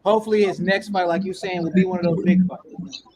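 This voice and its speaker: A man chatting casually about boxing as a co-host in a relaxed, slangy way. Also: high voice, brisk.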